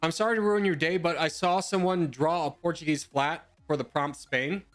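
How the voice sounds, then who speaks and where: A man's voice: on the high side, steady tone, normal speed, faint music behind. A young man streaming from home, rambling and joking as he answers viewers' questions in casual chat.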